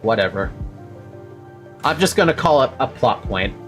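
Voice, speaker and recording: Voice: mid-range voice, expressive, normal speed, fairly bright tone, faint music behind. A streamer giving casual, joking commentary while reading a game, swearing freely. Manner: casual, swears, jokes about accents.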